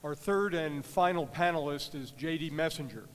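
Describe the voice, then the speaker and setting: Male moderator, formal bio-reader, slightly high voice, reverberant hall. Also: normal speed, background noise. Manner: formal, reads out bios. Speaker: panel moderator. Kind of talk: formal introduction. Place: large conference hall.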